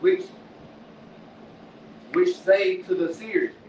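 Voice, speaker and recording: A man reading scripture aloud haltingly, stumbling over the words. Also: sits high, a little mellow. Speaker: scripture reader. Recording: echoey, distant, dull lo-fi with faint noise.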